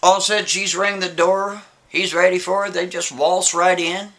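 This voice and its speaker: A man with a somewhat high, bright and forceful voice tells a story as if chatting with a friend. He keeps it loose and lively, tossing in little asides to the listener as he goes. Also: normal speed. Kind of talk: casual spoken storytelling.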